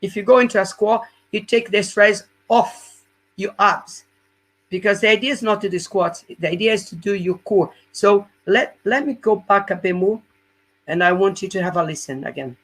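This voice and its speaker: Husky-voiced male fitness coach with non-native English, walking through exercises step by step in a live webinar and checking in often. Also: high-pitched, normal speed, fairly bright tone.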